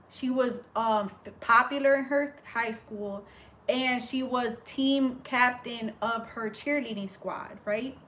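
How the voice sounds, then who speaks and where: A young woman telling a story in a casual, animated way, full of fillers and restarts, while she works as a hairstylist. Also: on the high side. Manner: animated, breathless retelling with many fillers. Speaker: hairstylist and vlogger.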